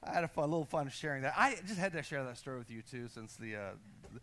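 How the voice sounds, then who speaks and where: A man's voice: medium pitch, quick pace. An American man preaching as a pastor, telling a personal story with restless energy and calling on the congregation to answer. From United States. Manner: energetic, restless, self-deprecating, calls on the congregation. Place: church sanctuary.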